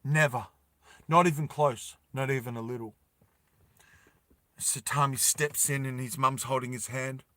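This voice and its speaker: A man narrates a dramatic story at an unhurried, deliberate pace, repeating phrases for emphasis. His voice is bright and forward, recorded dry and close. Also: mid-range voice, fairly even intonation, dry recording.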